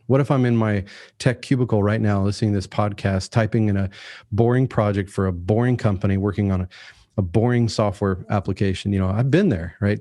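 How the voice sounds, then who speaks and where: Dark-voiced man rambling on a podcast. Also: fairly low pitch, dry recording, studio quality. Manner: rambling and earnest, many restarts, acts out quotes. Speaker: podcast guest, author and tech founder. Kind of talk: casual podcast conversation.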